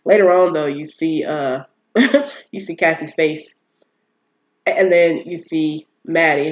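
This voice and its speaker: A woman hosting a casual solo podcast, talking in a chatty, animated way with many fillers and restarts. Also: sits low, dull audio. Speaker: podcast host.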